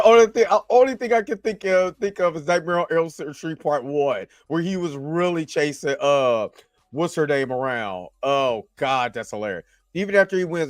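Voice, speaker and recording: A man hosting a casual live-stream commentary show, talking straight to his viewers with slang and quick asides. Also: fairly high pitch, no echo, clean studio sound. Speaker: YouTube commentary host. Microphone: laptop recording setup.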